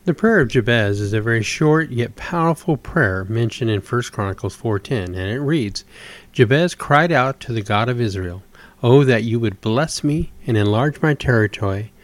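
A man preaching, reading scripture aloud in a measured, devotional way and telling short stories with acted-out voices. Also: medium pitch, animated. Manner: acts out voices in told stories.

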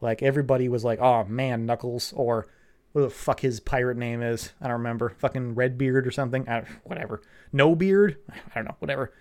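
A man recaps a cartoon plot in a rambling, sarcastic way. He swears freely and drifts into asides. His delivery stays casual and deadpan-comic throughout. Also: mid-range voice, a little fast. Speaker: show recapper. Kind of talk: profane comedic plot recap.

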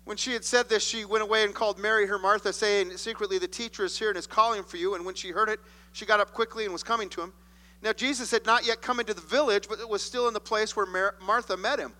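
A man preaching a sermon, reading scripture and acting out the voices he quotes with expressive shifts. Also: high voice, fairly quick. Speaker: pastor. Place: church sanctuary. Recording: long hall reverb.

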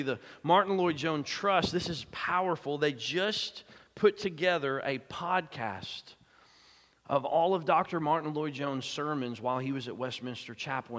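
A male pastor delivers his sermon with earnest emphasis, doubling up words as he presses a point. His voice sits a little higher than most men's. It rings out with the long reverb of a large church sanctuary. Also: a bit bright.

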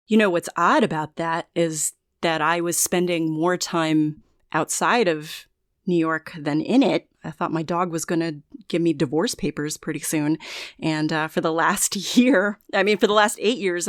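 A woman's voice: low-pitched, fairly even intonation, normal speed, dry recording. A woman guest on a podcast, articulate and witty with dry humor, chatting casually from home. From United States. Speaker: podcast guest, speaker and coach. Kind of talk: casual interview chat. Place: home in Brooklyn.

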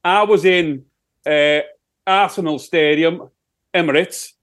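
A man's voice: fairly high pitch, slow pace, a bit bright. A man voicing a cocky, sweary rock singer with a put-on Sheffield accent, rambling crudely.

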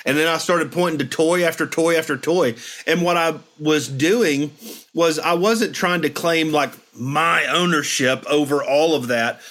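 A man's voice: on the high side, a little slow, fairly bright tone. Reflective man telling family stories. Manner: reflective, storytelling with acted-out quotes. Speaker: podcast host. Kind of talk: casual chat.

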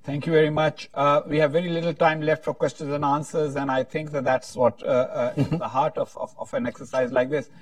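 A man moderating a panel discussion, speaking haltingly with frequent restarts. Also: a little high, little pitch movement, no room sound, far from the mic. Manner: halting, many restarts, tells a joke with voices.

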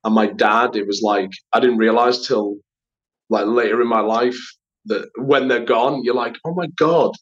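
The guest, a Liverpool-born actor and writer, chats through stories in a casual interview, performing quoted voices and using plenty of fillers. His voice is lowish, steady, a bit bright and breathy at the edges, at normal speed. Sound quality is slightly dull lo-fi.

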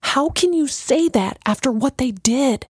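A woman's voice: high-pitched, measured pace, darkish tone, no echo, studio quality, pitched above the performer's own voice. A woman voicing an upset young woman who questions and protests in a raised, agitated voice. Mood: upset, indignant.

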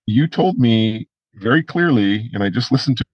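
A man's voice: medium pitch, expressive, moderate pace, breathy edge, dry recording, highs cut off. A middle-aged man as a podcast guest, recounting a conversation with fillers and restarts. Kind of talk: casual interview storytelling.

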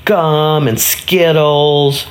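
A woman telling a children's story in a casual, animated way, with many restarts and playful sound effects. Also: low voice, extremely slow. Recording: roomy echo.

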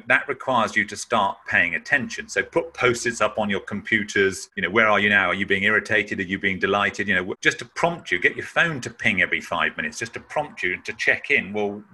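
A man's voice: on the low side, a little fast, sharp tone, slightly rough. A man giving a webinar talk on managing emotions, explaining emphatically and sometimes acting out sounds. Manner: emphatic, acts out breath-holding sounds. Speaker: webinar speaker.

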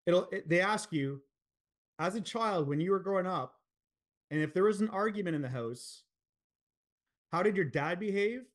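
Frank man telling his story, slightly high voice. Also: animated, normal speed, pauses often. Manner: frank, earnest, swears freely, many fillers. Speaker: podcast guest. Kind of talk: candid storytelling in a podcast interview.

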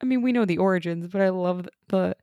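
A young woman co-hosting a casual TV recap chat, animated and laughing as she acts out lines from the show. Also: on the low side, quick pace, no room sound, muffled recording. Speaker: podcast co-host.

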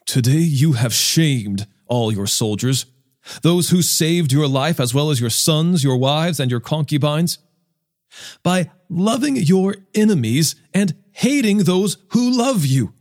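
A stern, blunt army commander scolds his king in a forceful, reproachful voice, as a man reads the part. The voice sits fairly high and the words come slowly and deliberately. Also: expressive.

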